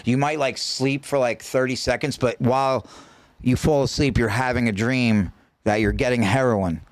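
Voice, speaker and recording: A man's voice: mid-range voice, steady tone, normal speed, no room sound. A man telling his story as a podcast guest, talking casually and profanely, with many restarts and stammered repeats.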